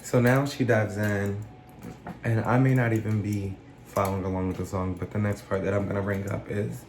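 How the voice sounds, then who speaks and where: A man's voice: on the low side, little pitch movement, moderate pace, a little mellow, a little hiss or hum. A man giving a casual, reflective commentary on song lyrics as a life coach, explaining ideas through everyday examples. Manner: reflective, explains with examples, paraphrases lines in an imagined speaking voice. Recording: roomy echo with faint background music.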